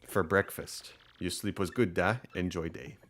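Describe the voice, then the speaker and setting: A man voicing a terse male innkeeper in a game, speaking quietly in broken, clipped phrases with a mock "da". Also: on the low side, normal speed, close to an everyday voice. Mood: curt. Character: gruff terse male innkeeper in snowy town.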